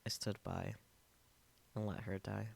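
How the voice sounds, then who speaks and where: Low voiced streamer guy reading a visual novel out loud, quiet and subdued, dry little asides. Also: little pitch movement, a little slow, vocal fry.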